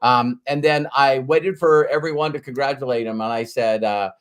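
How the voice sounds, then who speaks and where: A man, a business coach, telling a motivational story in a casual, animated way, often restarting and repeating words. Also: medium pitch, moderate pace, few pauses.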